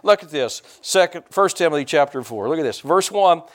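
A man's voice: on the high side, expressive, fairly quick. An older man, a pastor preaching a folksy, joking sermon and calling out to his congregation.

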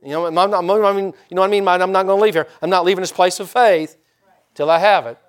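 Guy preaching, chatty sermon, talks right to the crowd, voice a bit high. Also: fairly even intonation, fast. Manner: conversational preaching, talks to the congregation. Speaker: pastor.

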